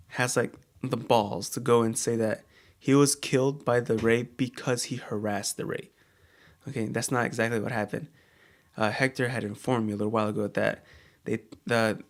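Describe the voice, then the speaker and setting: Halting young-sounding man chatting. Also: medium pitch. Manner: halting, many uhs and restarts. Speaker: co-host. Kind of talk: casual chat.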